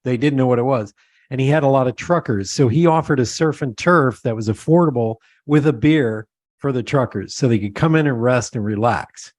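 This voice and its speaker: Laid-back interview host. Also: male voice, mid-range voice, a little fast, darkish tone, dry recording. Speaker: podcast host. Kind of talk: conversational interview.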